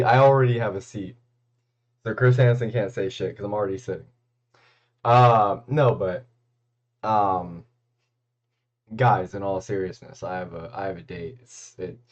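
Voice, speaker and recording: A man's voice: on the low side, a little mellow, dull audio. A man chatting casually on his livestream, laid-back and crude, with mumbled asides to his chat.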